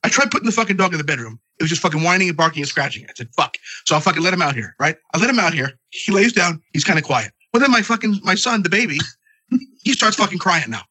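Brief: male podcast host, animated swearing storyteller, dry close sound, congested. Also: high-pitched, quick pace, dry recording. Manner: profane, rambling comic storytelling. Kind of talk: casual podcast chat.

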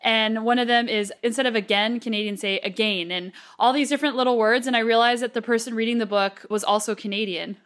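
A woman's voice: a little high, fairly even intonation, fast, few pauses, a bit bright. An American woman hosting an interview, chatting in an upbeat, enthusiastic way. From United States. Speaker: podcast host. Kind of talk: casual interview chat.

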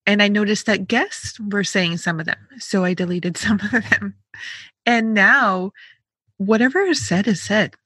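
A woman hosts a podcast in a relaxed, friendly conversation, laughing easily and poking fun at her own speech habits. Her voice is a little husky and sits at a middle pitch. The sound is dry and close. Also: measured pace, no echo. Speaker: podcast host. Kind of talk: casual conversation.

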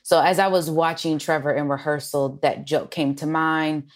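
Low-voiced woman telling animated stories. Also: normal speed. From Los Angeles. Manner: animated storyteller, swears freely, acts out quotes. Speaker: comedian and writer, guest. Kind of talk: casual interview storytelling.

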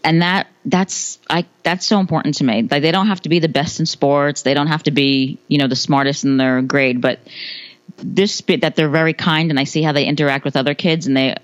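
A woman's voice: low-pitched, fairly even intonation, brisk, no echo, dull audio. A woman in her thirties from the United States, a podcast guest chatting about motherhood, laughing often and restarting her phrases. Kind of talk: casual interview answers.

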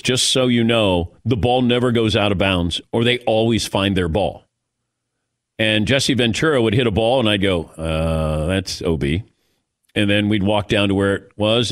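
Lively, chatty male sports radio host. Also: fairly low pitch, no room sound, studio quality. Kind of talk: casual sports talk.

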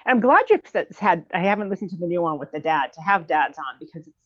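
A woman guest in a candid talk about grief, chatty and quick to laugh as she tells stories. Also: on the low side, lively intonation. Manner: chatty, laughs often while telling stories. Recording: dull lo-fi recording.

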